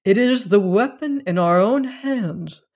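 Solemn reasoning man, read out by a narrator, unhurried and weighty. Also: sits high, expressive, darkish tone, voice pushed up, exaggerated voice. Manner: measured and weighty. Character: grave, solemn man who reasons like a preacher.

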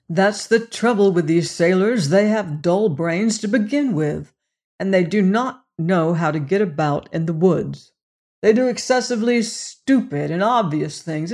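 Reader doing aristocratic Cossack general, audiobook; suave, menacing, very slow and drawn out. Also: mid-range voice, darkish tone. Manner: courtly, unhurried, drawn-out phrasing. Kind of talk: audiobook character reading.

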